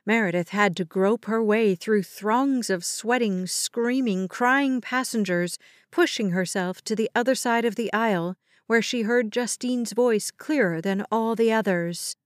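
Casting: slow, measured woman audiobook narrator, fairly high voice, dry close sound. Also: dry recording. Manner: measured, dramatic storytelling. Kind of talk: scripted narration.

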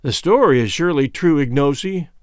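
A man's voice: a little high, lively intonation, brisk, smooth, no room sound, clean studio sound, natural voice. A man voicing a practical male adventurer in an audiobook, in a plain, matter-of-fact manner.

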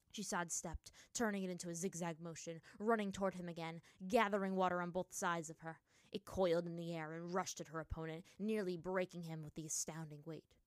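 A woman's voice: on the low side, dry recording. Woman narrating a story, dry sound. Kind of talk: reading fan fiction aloud.

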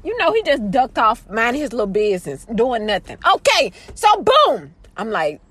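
A woman telling a story about her family to viewers in a chatty, dramatic way, jumping between loud exclaims and low asides and calling out to the audience. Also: huge pitch swings, moderate pace, husky. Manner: chatty, addresses the audience directly with "girl" and "y'all". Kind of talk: casual storytelling to camera.

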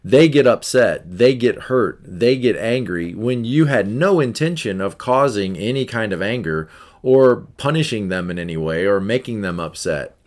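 A man's voice: lowish voice, lively intonation, normal speed. A man hosting a podcast, giving a motivational self-help talk in a repetitive, emphatic way and acting out example scenarios. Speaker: podcast host.

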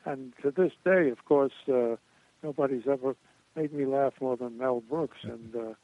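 A man's voice: mid-range voice, normal speed, no room sound. Older man telling stories over a tinny line. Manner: rambling, chuckling raconteur. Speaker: guest. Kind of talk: anecdotal storytelling interview. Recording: tinny phone-like line, dry.

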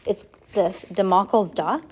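A woman casually reading a novel aloud, relaxed, now and then stumbling and chatting between passages. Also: mid-range voice, measured pace, slight background noise. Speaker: reader.

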